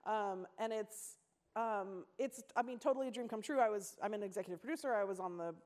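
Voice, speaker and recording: A woman answering an audience question on stage, halting and filler-heavy with a dry, amused tone. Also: mid-range voice, a little mellow. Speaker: panelist and writer. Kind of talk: candid conversational talk on stage. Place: theater stage before a live audience.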